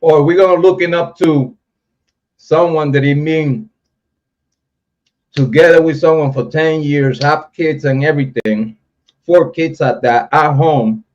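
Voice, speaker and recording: His voice is fairly high and darkish, a little slow with long pauses, as this livestream host reads viewer comments, speaks directly to chat, and rants about other creators. Recorded as dull, lo-fi stream audio.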